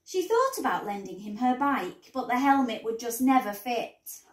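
A woman teacher reading a bedtime story aloud in an expressive storybook manner, in a roomy recording. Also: a little high, normal speed, far from the mic. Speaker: primary school teacher. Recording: roomy echo.

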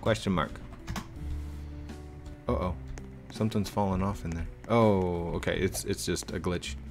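A man giving chatty live commentary while playing an online game, talking to other players and getting excited when he finds someone. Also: deep voice, normal speed, faint music behind. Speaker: gaming YouTuber.

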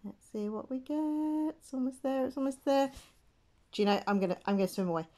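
A woman giving casual gameplay commentary, excitable and chatty, gasping and squealing as she talks to her viewers. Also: sits high, brisk. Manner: chatty, addresses viewers as guys. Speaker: gaming channel host.

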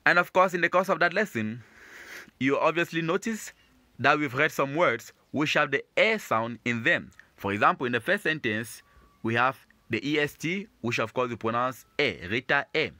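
A man gives a beginners' language lesson, patiently repeating each phrase and explaining it step by step. His voice is bright and mid-pitched. The recording is dry and close, with no room sound. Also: moderate pace, no room sound. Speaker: French teacher.

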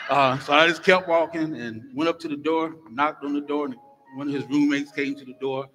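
A middle-aged man, a guest minister, opening his sermon with lively, joking stories for the congregation in a church. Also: a little high, a little fast, faint music behind. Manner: lively storytelling, jokes with the congregation. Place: church sanctuary. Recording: long church hall reverb.

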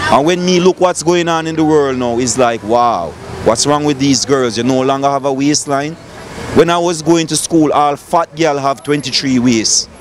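A middle-aged Jamaican man preaching on a city street in a fiery, profane, lecturing manner. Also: mid-range voice. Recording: loud street crowd noise.

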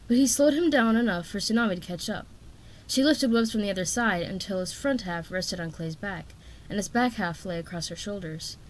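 A woman reading a children's fantasy novel aloud in steady, expressive narration. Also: medium pitch. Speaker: audiobook reader.

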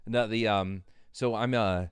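A man with a very low, smooth, resonant voice, hosting a casual chat. He tells stories in a relaxed, easygoing way and swears casually. The sound is close and dry. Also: unhurried, no room sound. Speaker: host.

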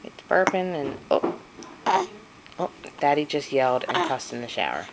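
A woman's voice: extremely low pitch, big pitch swings, moderate pace, heavy background noise. A woman, a mother filming her baby at home, coaxing him in sing-song baby talk and speaking his thoughts for him.

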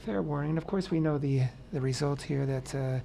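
Man, gravelly voice, slightly higher pitch, casual scripture talk show, faint background noise. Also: brisk. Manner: animated, acts out quotes in paraphrase, many fillers. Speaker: radio host teaching the weekly Torah portion. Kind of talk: casual Torah discussion on radio.

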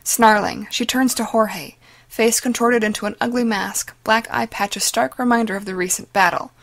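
A woman giving dramatic, measured scripted narration of a story. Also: fairly high pitch, steady tone, gravelly. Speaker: audiobook narrator.

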